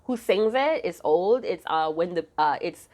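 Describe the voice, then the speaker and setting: A woman giving a casual tarot reading to her viewers, chatty and profane with lots of slang, her voice a little hoarse. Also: on the low side, expressive, a little slow, darkish tone. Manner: chatty, slangy and profane, hums song snippets. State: slightly hoarse, losing her voice. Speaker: tarot card reader.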